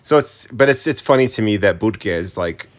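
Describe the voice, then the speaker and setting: This is a man in his thirties from New Mexico with a very deep voice. He co-hosts a home podcast from his couch, drifting through thoughts and restarting sentences as he goes. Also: expressive, moderate pace. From New Mexico, USA. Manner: rambling, self-correcting. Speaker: podcast co-host, teacher. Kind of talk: casual chat. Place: home living room couch.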